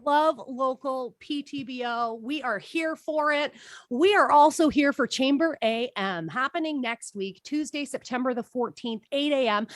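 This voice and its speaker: A high-pitched woman hosts a casual live chat, upbeat and playful. Her voice sits close and dry, with no room around it. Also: dry recording. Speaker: host.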